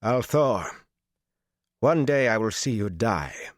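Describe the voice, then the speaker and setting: A man reading an audiobook, voicing a furious young male swordsman who speaks in a grating, flat, cold voice. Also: medium pitch, takes it slowly, dry recording, clean studio sound, voice pushed up. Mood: deadly cold. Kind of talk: audiobook character voice.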